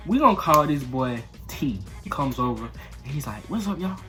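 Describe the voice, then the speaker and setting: Young man, casual storytime, slangy and rambling, lively pitch, faint music behind. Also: moderate pace. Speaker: vlogger.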